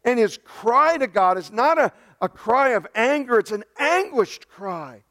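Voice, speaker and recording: Man, high-pitched, passionate sermon, loud cries then hushed lines. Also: sing-song, unhurried. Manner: impassioned preaching, swings from loud cries to hushed low lines. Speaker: pastor.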